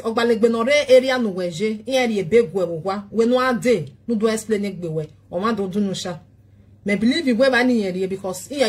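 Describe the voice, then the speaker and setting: A Nigerian woman speaks in a husky voice that sits a bit high. She pleads over and over and keeps returning to short questions. Her talk is loose and casual.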